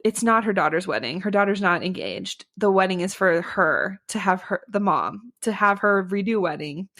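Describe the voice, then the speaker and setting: A woman's voice: mid-range voice, expressive, fairly bright tone. A young woman co-hosting a podcast, recapping a book in a chatty, sarcastic way with frequent laughs. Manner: chatty, sarcastic, laughs often, quick asides. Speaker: podcast co-host. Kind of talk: casual chat recapping a book.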